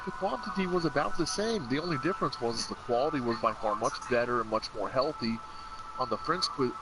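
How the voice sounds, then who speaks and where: A man from the United States hosting a let's play, chatting casually and rambling through a story with lots of repeated filler phrases. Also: mid-range voice. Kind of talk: casual gameplay chat. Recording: loud constant background noise.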